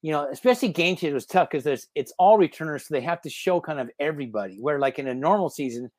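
A man guest on a podcast, telling rambling, animated stories in a casual interview. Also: a little high, fast talker, no room sound. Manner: animated, rambling anecdotes with lots of fillers. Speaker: podcast guest, former reality show contestant.

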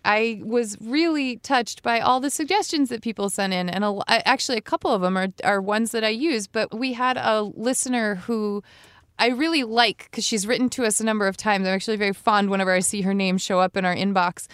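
A woman's voice: medium pitch, brisk, a bit bright, clean tone, no echo. Laughing woman co-host, dry studio sound. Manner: laughs often, self-deprecating. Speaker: co-host, etiquette expert. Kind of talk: casual podcast chat.

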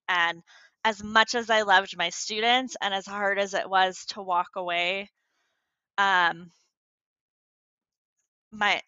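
A woman's voice: medium pitch, sharp tone, no room sound. A woman in her thirties, a former teacher, telling her story candidly in an interview, earnest and emotional, with many fillers and restarts. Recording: dull lo-fi sound.

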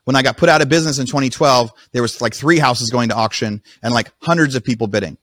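Fast-talking man telling his story. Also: mid-range voice, dry recording. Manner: rapid, animated retelling with restarts. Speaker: podcast guest. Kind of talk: casual storytelling.

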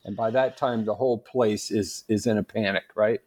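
A man guest on a podcast, telling stories in a lively, animated way and laughing often. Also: fairly low pitch, normal speed, hardly any pauses. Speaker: guest apologist. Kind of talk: casual storytelling interview.

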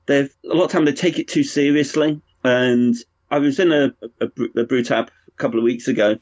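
A man, a brewer and pub owner, chatting frankly and rambling in a relaxed conversation. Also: mid-range voice, brisk, no echo. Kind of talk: casual conversation. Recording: dull lo-fi sound, dry.

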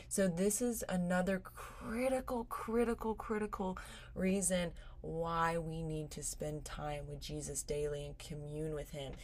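A young woman hosts a devotional podcast, her voice sitting a little low for a woman. She talks in a casual, earnest and encouraging way, at times sounding moved close to tears. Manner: earnest and encouraging, gets teary and laughs. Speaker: podcast host.

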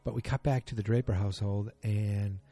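A man's voice: on the low side, steady tone, fairly quick, warm tone, faint music behind. A man giving a chatty, opinionated recap of a TV episode, full of fillers and asides.

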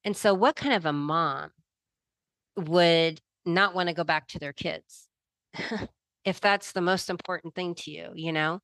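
A middle-aged woman earnestly recounting a deeply personal experience, emotional and vivid in her telling. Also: measured pace, fairly bright tone, no echo. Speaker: guest telling a near-death experience. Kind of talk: personal testimony.

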